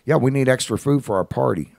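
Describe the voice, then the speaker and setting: A man's voice: medium pitch, fast talker, gravelly, darkish tone, dry recording, clean studio sound, voice pushed up. A man voicing an entitled, breezy woman who brushes off the question. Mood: brazen. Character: brazen, entitled partying woman.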